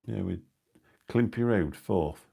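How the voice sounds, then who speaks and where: Speaking slowly in a deep, dark, slightly rough voice with vocal fry, a middle-aged man hosts a live stream from home. He rambles through anecdotes with dry asides in casual chat, picked up by a new phone or mic on the stream.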